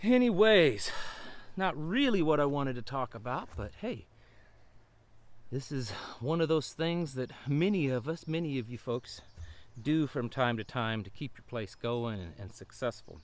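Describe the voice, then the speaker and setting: A man's voice: medium pitch, expressive, a little slow. Out of breath guy rambling to the camera on his farm, folksy homestead vlog, normal middle voice. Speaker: homestead channel host. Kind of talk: casual outdoor vlog. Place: outdoors on a farm pasture. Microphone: camera mic outdoors.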